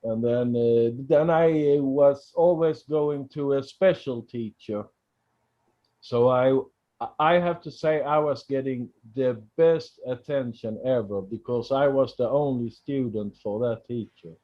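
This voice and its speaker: Slow halting man on a dull line. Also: mid-range voice. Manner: slight stutter, halting. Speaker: caller on a live stream chat. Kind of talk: casual chat.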